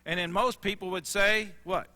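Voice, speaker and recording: Bright-voiced man from telling stories. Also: sits high, normal speed, big-room sound. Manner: animated storyteller, acts out dialogue, drops soft and quiet for emotional moments. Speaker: sales trainer. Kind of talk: storytelling presentation.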